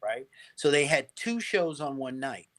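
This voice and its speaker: A middle-aged man, a guest on an interview show, telling stories in a lively way, restarting phrases and checking in with "right?". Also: mid-range voice, a little slow. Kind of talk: casual interview storytelling.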